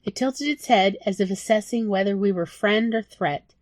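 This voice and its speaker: A woman narrating her own story in a soft, emotional audiobook style. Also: mid-range voice, normal speed, no room sound. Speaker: author reading own story.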